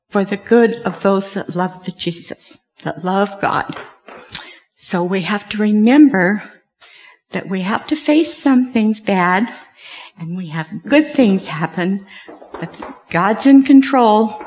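A woman giving a children's object-lesson sermon, speaking simply like a storyteller for kids. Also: medium pitch.

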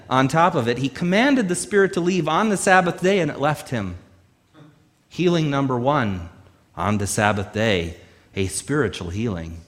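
Man preaching an emphatic sermon. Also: medium pitch. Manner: emphatic preaching with rhetorical questions and slow, drawn-out phrases. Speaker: pastor.

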